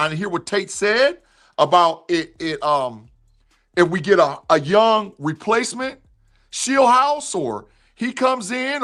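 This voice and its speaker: Guy going off on a sports stream, high sharp voice, keeps repeating himself. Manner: fired up, repeats points, answers chat by name. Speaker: sports streamer reacting to live chat. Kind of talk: heated sports rant.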